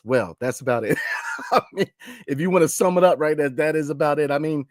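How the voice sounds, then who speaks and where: A man hosting a sports podcast late at night, reading listener comments and talking in an animated casual way, full of slang and repeated fillers. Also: on the high side, a little fast, no room sound, clean studio sound. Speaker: podcast host.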